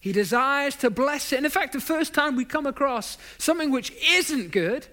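A man's voice: very high voice, animated, normal speed, sharp tone. A man preaching a sermon, stacking up emphatic lists of phrases and dropping in self-deprecating asides.

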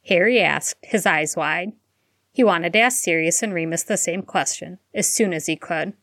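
A woman reading fan fiction aloud as narrator in a steady, measured way. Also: lowish voice, no echo, clean studio sound.

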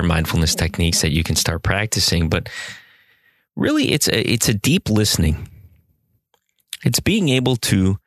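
A man hosting a podcast, telling a story and giving mindfulness advice in a gentle, reflective way. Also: fairly low pitch, no echo, studio quality. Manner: gentle and reflective, with soft hesitations. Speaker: podcast host.

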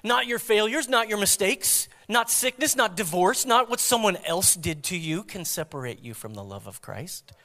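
Male pastor, dynamic sermon delivery, loud to hushed, high-pitched voice. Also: lively intonation, normal speed, hardly any pauses, big-room sound.

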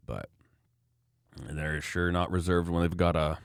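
A man's voice: sits low, unhurried, creaky, no room sound, studio quality. A man talking in a casual, opinionated, rambling way, acting out the people he quotes. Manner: opinionated, rambling, animated quoting. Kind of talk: casual political chat.

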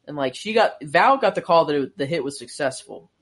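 A man co-hosting a casual podcast, talking in an excitable, slangy way. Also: a little high, moderate pace, few pauses. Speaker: podcast co-host. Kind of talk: casual chat.

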